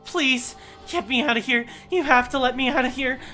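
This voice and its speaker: A woman voicing a terrified young woman in a video game, screaming and pleading in a high, shrill voice. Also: fairly even intonation, measured pace, faint music behind, close to an everyday voice. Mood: frantic screaming. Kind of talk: video game voice-over reading.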